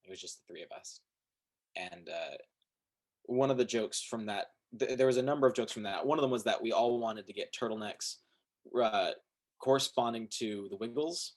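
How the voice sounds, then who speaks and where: A man's voice: fairly low pitch, moderate pace, darkish tone. A man as a guest musician in a casual chat, telling stories in a rambling, self-deprecating, hesitant way.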